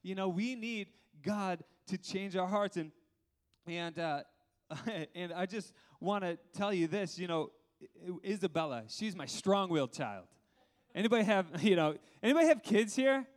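A pastor in his thirties delivers a sermon with a notably high voice for a man. He keeps it lively, laughs along the way and often turns to the congregation with questions. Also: a little slow.

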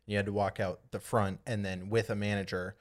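A young man with a fairly low voice tells a long, rambling story to his friends on a podcast. He leans on "like" constantly and acts out what everyone said. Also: a little fast. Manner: rambling, animated retelling with lots of "like". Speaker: podcast co-host. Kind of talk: casual storytelling chat.

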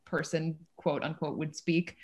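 A woman in a casual discussion of a play, rambling and animated, with many restarts and fillers. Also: deep voice, measured pace. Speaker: discussion participant.

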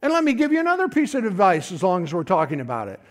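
A man's voice: sits high, huge pitch swings, very fast. A middle-aged man preaching a folksy, conversational sermon, often calling out to his congregation.

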